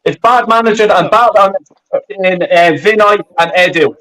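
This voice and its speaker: A man's voice: high voice, moderate pace, fairly bright tone, low-quality recording. A man hosting a live football fan stream, furious and swearing heavily as he rambles through his complaints. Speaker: fan channel host. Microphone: webcam.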